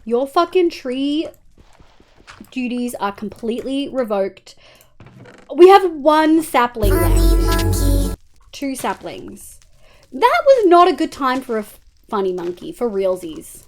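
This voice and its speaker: A woman's voice: high-pitched, big pitch swings, slow, long pauses, soft background music. An Australian woman streaming a game live, talking casually and swearing often as she chats with viewers over a headset.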